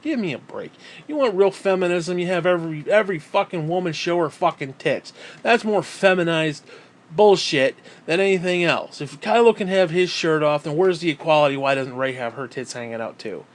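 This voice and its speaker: Profane ranting man, higher voice. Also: normal speed. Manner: profane, heated, repetitive; mocking put-on quotes. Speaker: gaming channel host. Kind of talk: angry rant.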